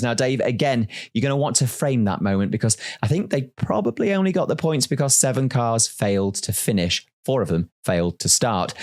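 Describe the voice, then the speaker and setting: A man delivers a scripted race recap with dry sarcasm. His pitch swings widely as he plays up the jokes, and his voice sits mid-range for a man. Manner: wry, sarcastic, lively delivery. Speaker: listener contributor presenting a race recap.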